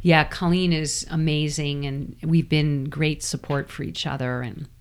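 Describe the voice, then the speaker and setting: Low-voiced candid woman. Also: fairly even intonation, a little slow, smooth. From New York. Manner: candid, self-deprecating storytelling. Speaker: guest, former triathlete. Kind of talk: casual interview storytelling.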